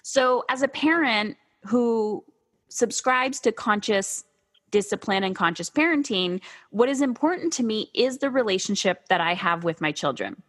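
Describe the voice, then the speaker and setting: Animated woman podcast host. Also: medium pitch, normal speed. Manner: animated storytelling, acts out her kids and herself. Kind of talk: casual conversational interview.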